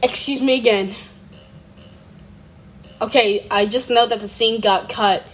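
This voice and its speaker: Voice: medium pitch, steady tone, measured pace, fairly bright tone, slight background noise. A young speaker at home, giving a casual reaction commentary, often giggling and exclaiming in surprise, rambling and correcting themselves. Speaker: reaction video creator. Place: room at home.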